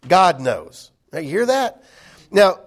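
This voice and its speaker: A man's voice: high voice, sing-song, takes it slowly. A man teaching a Bible study class in an indoor room, talking conversationally with many fillers and restarts.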